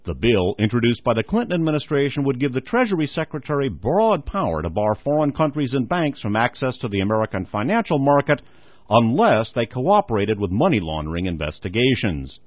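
A man's voice: mid-range voice, sing-song, a little fast, dry recording. Man reading news clippings on radio. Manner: reads quotes then comments, says "skipping down". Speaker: radio program host. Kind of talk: reading news articles aloud with commentary. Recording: dull lo-fi radio recording.

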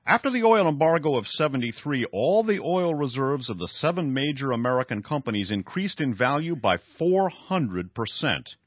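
A frail old scientist, put on by a male radio host, rasps out lectures in a raised, lively voice, proud of himself and short of breath. The sound is dry and dull, like lo-fi broadcast audio. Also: mid-range voice, moderate pace, few pauses, dry recording, pitched above the performer's own voice. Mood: lecturing.

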